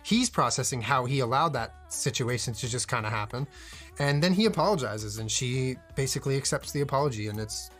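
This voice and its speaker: A young man talks through a show in a loose, casual reaction stream. His pitch sits mid-range and climbs when something excites him, and he swears freely between the fillers. Faint music plays underneath him. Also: a little fast.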